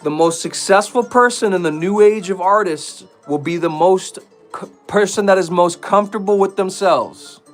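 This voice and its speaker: A man's voice: high-pitched, moderate pace, soft background music. A man giving an emphatic, preachy casual monologue to his viewers, rambling with restarts. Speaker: streamer talking to viewers.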